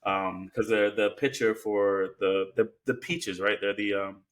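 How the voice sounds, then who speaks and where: Man, podcast co-host, lowish voice, rambling film recap, filler-heavy casual chat. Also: steady tone, a little slow.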